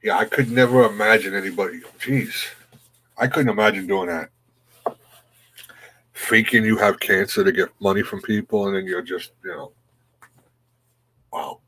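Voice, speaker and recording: Laid-back low-voiced man. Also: normal speed, long pauses, breathy edge, poor audio. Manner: relaxed, greets chatters by name, trails off. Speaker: livestream host. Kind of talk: casual chat reading viewer comments.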